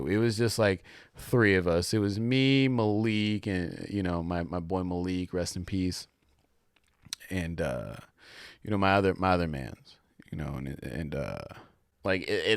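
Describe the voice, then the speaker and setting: A young man talks on his own in a loose, rambling way. He packs in slang and filler words, and his voice sits fairly low. The sound is dry and close, with no room echo at all. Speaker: podcast host. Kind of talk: casual solo monologue.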